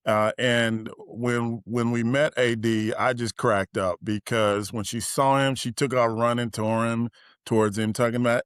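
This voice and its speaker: A man in his forties sits in as a podcast guest and tells stories in easy, casual chat, slipping into other people's voices as he quotes them. His voice is smooth and clear, and the sound is dry and close. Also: mid-range voice, measured pace, dry recording. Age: 40s. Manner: animated storyteller, acts out quotes, laughs while talking.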